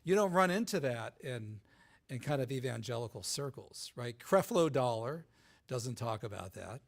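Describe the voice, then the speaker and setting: Male guest speaker at a live event, animated and gravelly, keeps checking in with the crowd. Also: mid-range voice, moderate pace. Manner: animated, many restarts, asks "right?" often. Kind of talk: live talk with audience.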